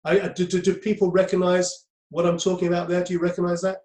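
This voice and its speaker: A man's voice: high-pitched, completely flat delivery, quick pace, darkish tone, echoey room, poor audio. A man giving a conversational lecture on crisis management to a group, often repeating himself with many ums.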